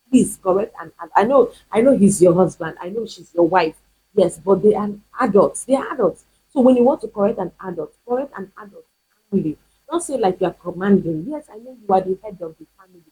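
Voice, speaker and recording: A woman's voice: medium pitch, darkish tone, slightly rough, poor audio. A woman pastor, preaching emphatically in a teaching video, repeating her points and firing rhetorical questions. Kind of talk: sermon-style teaching video.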